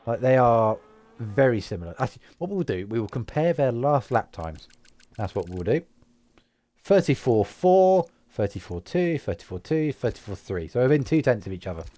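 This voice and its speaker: A tired man from the UK giving lively, chatty live commentary on an online racing league and reading out lap times. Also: mid-range voice, moderate pace. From United Kingdom. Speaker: race commentator.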